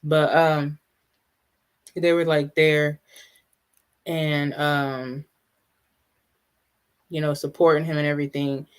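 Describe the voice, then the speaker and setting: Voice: mid-range voice, little pitch movement, smooth. Chatty live streamer reacting to chat. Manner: chatty, answers live viewers' comments; halting, many restarts and asides.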